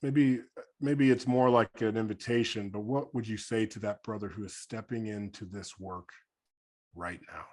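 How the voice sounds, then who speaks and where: A man hosting a podcast, speaking in a reflective, heartfelt way with halting restarts. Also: lowish voice, fairly even intonation, a little mellow. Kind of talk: casual podcast conversation.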